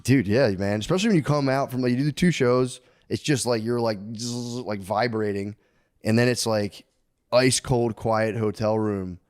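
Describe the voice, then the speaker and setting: A man in his thirties co-hosts a podcast, rambling through stories in casual chat and swearing a lot. His mid-range voice is a little mellow at a moderate pace, captured in clean studio sound with no room sound.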